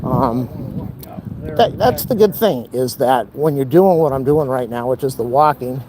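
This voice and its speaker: A man's voice: medium pitch, expressive, measured pace, a crowd in the background, low-quality recording. A man talking in a rambling, wry and blunt way while walking outdoors, speaking to a handheld camera. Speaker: vlogger. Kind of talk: casual walking vlog monologue. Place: outdoors on city streets and lawns. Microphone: camera held while walking.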